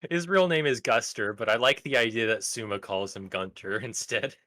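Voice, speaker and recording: A man running a tabletop role-playing game as game master, narrating in a relaxed way and laughing often. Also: fairly low pitch, normal speed, no room sound.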